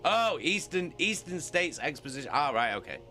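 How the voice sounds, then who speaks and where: A young man with a bright, forceful, fairly high voice chats casually with his stream audience while reading a novel with chat, speaking at normal speed with very animated delivery. He swears and laughs often, and soft music plays behind him.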